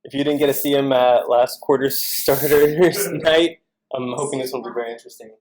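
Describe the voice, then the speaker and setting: A man's voice: medium pitch, steady tone, brisk, over a noisy crowd. A man hosting an event, introducing the next speaker in a friendly, upbeat way. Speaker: event host. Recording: noisy room audio.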